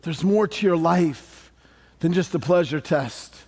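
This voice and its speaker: A man preaching a sermon as pastor, animated and conversational with touches of humor. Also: fairly high pitch, a little slow. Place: church sanctuary.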